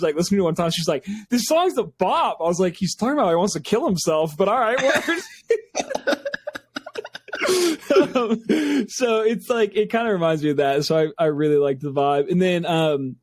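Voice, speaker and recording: A man's voice: on the high side, a little mellow, no room sound. A young man co-hosting a music review podcast, chatting casually with lots of fillers, swearing and laughter. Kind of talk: casual chat.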